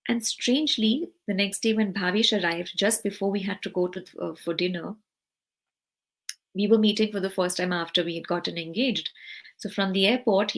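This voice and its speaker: A young woman telling a heartfelt personal story about her teacher, acting out the dialogue. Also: mid-range voice. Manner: earnest, heartfelt, acts out quoted dialogue. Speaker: guest sharing devotee stories.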